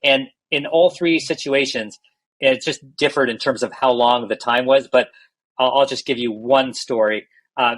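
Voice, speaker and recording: A man's voice: mid-range voice, fairly bright tone, low-quality recording. A middle-aged man, a healthcare executive, candidly telling stories in a podcast interview and often restarting his phrases.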